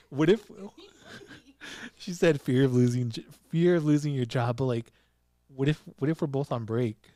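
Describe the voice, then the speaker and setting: Male podcast host, casual giggly recap voice, mellow tone, close dry sound. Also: medium pitch, takes it slowly, dry recording. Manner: giggly, animated storytelling with frequent laughs. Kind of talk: casual chat recapping a TV drama. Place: small studio with a producer present.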